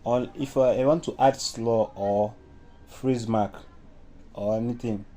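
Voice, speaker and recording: A man with a Nigerian English accent walks through a music lesson step by step, now and then singing solfa syllables. His voice is very dark and mellow, and he speaks slowly. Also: medium pitch, steady tone. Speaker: music teacher. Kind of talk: informal music lesson with sung examples.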